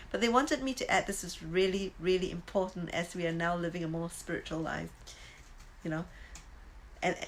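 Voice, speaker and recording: Woman, 50s, chatty course teacher, lowish pitch, faint hiss. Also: low-quality recording. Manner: chatty, tags lines with "right?"; bursts into high exclaims. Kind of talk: casual teaching talk.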